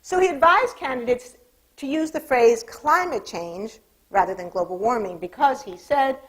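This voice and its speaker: A woman delivers a lecture in a measured, steady voice, pitched a little higher than most. She drops dry, wry asides as she goes. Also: low-quality recording. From California, United States. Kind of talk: public lecture.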